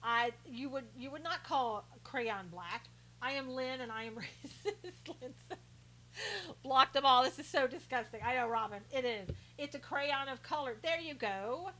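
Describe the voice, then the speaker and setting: A woman's voice: sits high, animated, moderate pace, fairly bright tone, slight background noise, rough recording. A woman hosting a live stream, chatting casually and sarcastically as she reads out viewer comments, often laughing.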